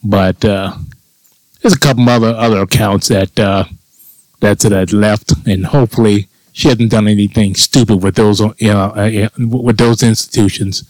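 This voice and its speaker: A man's voice: fairly low pitch, steady tone, normal speed, darkish tone, dry recording, low-quality recording. A man telling a long personal story on his own show in a crude, sarcastic rant, swearing often. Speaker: podcast host. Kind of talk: casual profane monologue.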